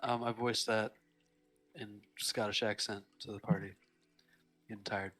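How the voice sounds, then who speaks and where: Brief: male player, sharp bright tone, hesitant and chatty. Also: lowish voice, little pitch movement, a little slow, husky, soft background music. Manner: hesitant, trailing questions. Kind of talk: casual tabletop play.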